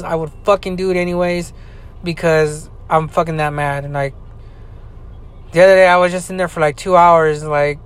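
Profane, ranting man venting anger. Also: sits high. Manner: halting, filler-heavy. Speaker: podcaster. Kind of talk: angry personal monologue.

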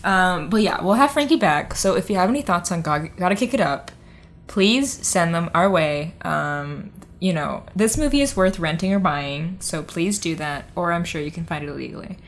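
Young woman cohost, lowish voice, giggly and rambly, lots of ums. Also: animated, moderate pace, a little hiss or hum. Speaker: podcast co-host. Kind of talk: casual chat.

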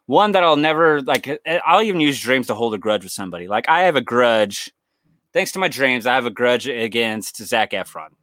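A young man on a casual podcast, telling long winding stories full of curse words. He acts out the people in them as he goes. His voice is bright and tense, recorded dry and close with no room sound. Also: mid-range voice, big pitch swings, brisk, no echo. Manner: rambling storyteller, swears a lot, acts out quoted voices. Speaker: podcast co-host. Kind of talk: casual chat.

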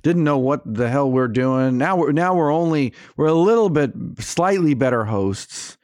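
A man's voice: on the high side, lively intonation, moderate pace, darkish tone, smooth, dry recording, studio quality. A man co-hosting a film podcast in casual chat. He rambles wryly and breaks off often mid-phrase. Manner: rambling, many fillers and restarts, wry. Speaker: podcast co-host.

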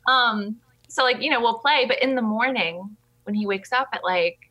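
Animated, bright-voiced young woman. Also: a little high, moderate pace, poor audio. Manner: chatty, animated storytelling with many fillers. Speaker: guest. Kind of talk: casual chat.

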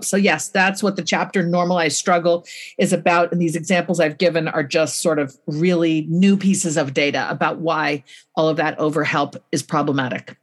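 A woman's voice: low-pitched, fairly even intonation, normal speed. A middle-aged woman, an author and guest, speaking in an interview in a blunt and earnest explaining manner. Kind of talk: interview conversation.

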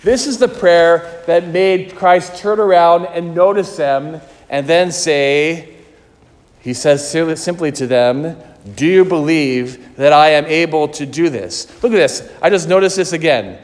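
Male preacher, earnest sermon delivery, long church-hall reverb. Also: a little high. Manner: slow, earnest, questioning delivery.

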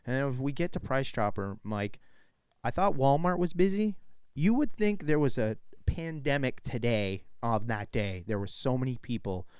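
A man spins a profane, animated story in casual chat, often laughing and acting out quotes in a higher voice. His voice is smooth and resonant. The recording is dry and close. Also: normal speed, no room sound. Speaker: show co-host.

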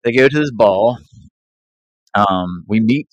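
Man, casual movie talk, low voice, swings widely in pitch, dry close sound. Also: slow, no room sound, lo-fi sound. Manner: animated, acts out quotes in a raised voice. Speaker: podcast co-host.

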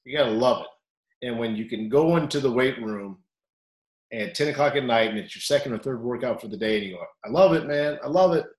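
A man who coaches wrestling, telling stories in an animated way and acting out the quotes loudly over a video call. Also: medium pitch, brisk. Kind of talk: storytelling interview. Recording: roomy echo.

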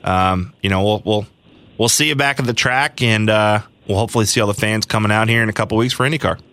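A man's voice: on the low side, fast talker, fairly bright tone, no echo. A man hosting a podcast, talking in a friendly, rambling way with many fillers. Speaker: podcast host. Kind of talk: casual podcast chat.

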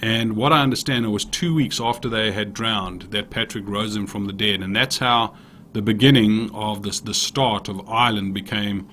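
A man with a fairly low voice preaches in an earnest, searching way, often circling back to restart a phrase. He tells an old story and reads prayers aloud. A faint hiss of noise sits under the recording. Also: steady tone, normal speed, a bit bright. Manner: earnest, with frequent restarts and repeated words. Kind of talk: sermon with storytelling and read prayers.

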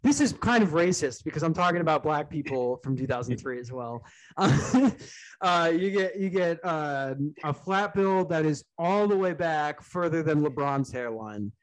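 A man's voice: on the high side, lively intonation, moderate pace. A young man co-hosting a casual comedy podcast, rambling through crude jokes, swearing often and laughing at his own lines. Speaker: podcast co-host.

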